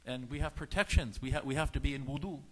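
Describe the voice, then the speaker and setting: A man's voice: medium pitch, fast talker. A man giving a lecture on faith in sermon style, telling stories and acting out the lines of the people in them. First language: Farsi speaker. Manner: animated storytelling, acts out dialogue in shifting voices. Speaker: religious teacher.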